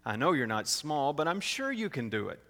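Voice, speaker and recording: A man's voice: on the high side, very animated, normal speed, a bit bright. A man voicing a lazy, scheming female bird in a storybook read-aloud, with a sing-song, coaxing manner. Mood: wheedling. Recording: long hall reverb.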